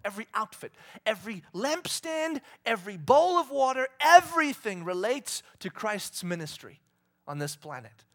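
Man, pastor, sermon; high, bright voice; animated and questioning. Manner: animated, asks the crowd questions; acts out God and the people in quoted voices.

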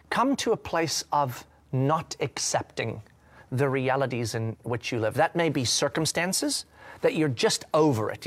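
A man giving a reflective faith talk, earnest and searching, sometimes dropping to a hushed voice. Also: mid-range voice. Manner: earnest, searching, many fillers and restarts, drops to a hushed voice at times. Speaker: speaker sharing a devotional reading.

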